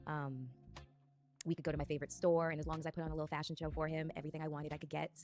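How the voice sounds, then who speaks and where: A woman's voice: low voice, little pitch movement, darkish tone. A woman in her thirties telling her life story in a reflective, dreamy way. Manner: reflective, dreamy, drawn-out phrasing. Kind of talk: personal storytelling. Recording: faint music underneath.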